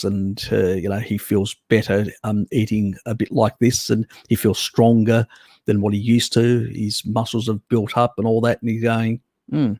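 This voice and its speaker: A relaxed Australian man chatting on his own live stream, rambling loosely and swearing now and then. His voice sits low with a gravelly fry. The sound is dry, with no room around it. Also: no room sound. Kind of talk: casual chat reading viewer comments.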